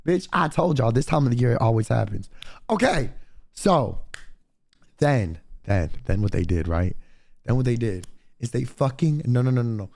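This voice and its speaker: A congested young man streaming and swearing his way through an animated story. His voice keeps leaping up and down in pitch, with a gravelly, crackly edge. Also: moderate pace, pauses often, no echo. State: congested, deepened voice from throat mucus. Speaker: livestreamer. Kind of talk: casual stream chat.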